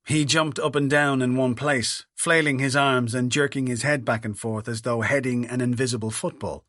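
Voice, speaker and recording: A man's voice: medium pitch, bright, forceful tone, dry recording. A middle-aged man narrating an audiobook in the first person, with wry, dry humour.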